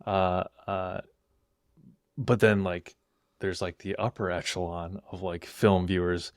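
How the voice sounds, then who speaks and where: A young man co-hosting a casual podcast chat, laid-back and hesitant, often pausing mid-sentence. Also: deep voice, level tone, smooth, no room sound, clean studio sound. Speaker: podcast co-host.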